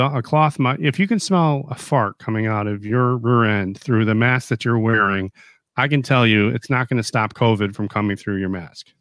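Male co-host, rambling and agreeable, lowish voice, dry studio sound. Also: a bit bright, no room sound. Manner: rambling, agreeable, lots of fillers. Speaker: talk show co-host. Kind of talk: casual political chat.

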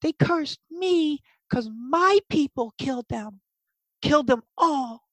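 Boogers, a squeaky panicky goblin. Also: takes it slowly, dry recording, poor audio. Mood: distressed. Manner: panicky, breathless, rambling. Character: small timid anxious male goblin. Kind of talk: tabletop game character voice.

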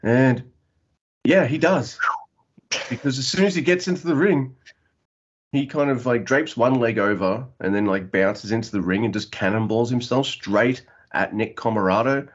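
A man's voice: mid-range voice, normal speed, lo-fi sound. A man co-hosting a podcast, chatting casually and jokingly about a wrestling show. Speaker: podcast co-host. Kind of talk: casual wrestling recap chat.

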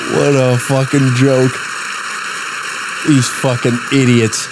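A man's voice: mid-range voice, level tone, slow pace, very noisy. A man hosting a podcast, giving crude, profane reaction commentary and mocking what he watches, often laughing. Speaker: podcast host.

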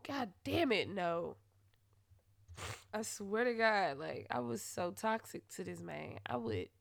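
A woman hosting a podcast, telling a personal story in a blunt, profane way that swings into loud, heated retellings. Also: medium pitch, vocal fry, no echo, studio quality. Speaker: podcast host. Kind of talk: candid storytelling monologue.

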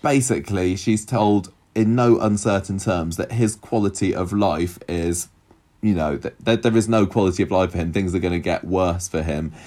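Guy recapping a soap, lowish voice, trips over his words a lot. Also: moderate pace, a little mellow. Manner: chatty, recaps scenes with quoted lines and frequent restarts. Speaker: podcast co-host recapping a soap. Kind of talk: casual chat.

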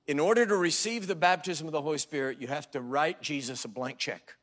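A man's voice: fairly high pitch, a little fast. Dramatic storytelling male preacher. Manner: dramatic, swinging from hushed to loud; acts out quotes in voices. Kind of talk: sermon with storytelling.

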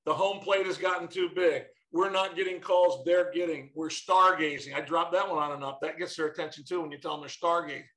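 A middle-aged man, a former baseball manager, telling stories in a casual interview and quoting his kids in lively bursts. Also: fairly high pitch, a little fast, few pauses, echoey room, poor audio.

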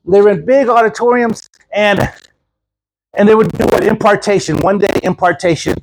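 A man's voice: high-pitched, moderate pace, a little hiss or hum, rough recording. A man from Texas, a traveling preacher, giving an informal, folksy sermon and often repeating words as he tells stories. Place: church gathering.

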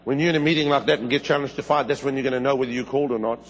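A middle-aged man preaching a sermon, telling stories with fervor and sudden high, loud bursts. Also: steady tone, very fast, slight background noise. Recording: long hall reverb.

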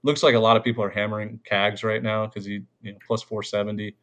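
A man's voice: lowish voice, flat delivery, fast, a bit bright. A man hosting a sports podcast, talking loosely with lots of fillers and easy laughs. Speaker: podcast host. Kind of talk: casual sports chat.

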